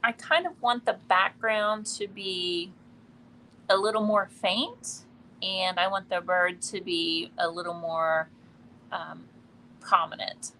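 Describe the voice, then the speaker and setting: A woman doing a live painting demonstration, relaxed and thinking aloud as she works, often trailing off mid-sentence. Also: on the low side, slow, a little hiss or hum. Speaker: art instructor. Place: quiet indoor studio in a building.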